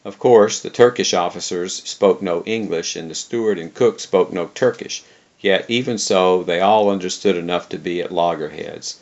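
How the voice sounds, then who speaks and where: A man's voice: deep voice, moderate pace, a little mellow. A man reading a travel memoir aloud in a dry, wry storytelling manner, on a dull lo-fi recording. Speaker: reader.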